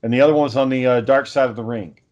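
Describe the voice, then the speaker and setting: A man's voice: medium pitch, fairly even intonation, very fast, darkish tone. A man chatting casually on a podcast, spinning a long, rambling story. He swears freely and keeps circling back with fillers and restarts. His voice sits in a middle range. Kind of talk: casual chat.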